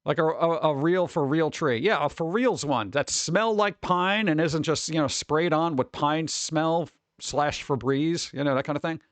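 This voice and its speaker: A man chatting casually on a live stream, reading chat and reacting with quick exclamations. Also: a little high, no room sound.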